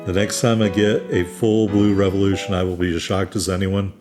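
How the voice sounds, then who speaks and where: A man from New England talks through a horse racing video game in an easygoing, wry, self-deprecating way. His voice sits somewhat low, and soft game music plays faintly behind him. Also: little pitch movement, a little fast. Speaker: gaming YouTuber. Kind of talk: let's play commentary.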